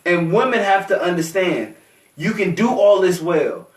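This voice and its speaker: A high-voiced man in a casual podcast conversation, emphatic and profane, whose pitch leaps around. He sounds distant from the mic in an echoey room. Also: lively intonation, unhurried. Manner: emphatic, profane, laughing asides. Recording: roomy echo, distant mic.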